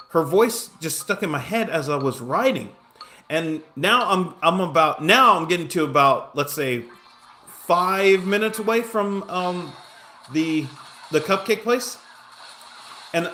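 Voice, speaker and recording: A man's voice: a little high, pushed and bright, slight background noise. Rambling man with a raised voice. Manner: rambling, full of restarts and asides; self-mocking humor. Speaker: gaming streamer. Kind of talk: casual storytelling while playing.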